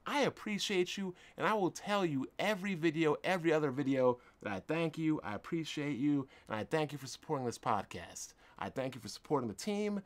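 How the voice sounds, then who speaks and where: A man hosting a podcast, delivering a confrontational, indignant monologue with emphatic swings in loudness. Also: fairly high pitch, lively intonation, a little fast, hardly any pauses. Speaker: podcast host. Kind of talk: ranting monologue.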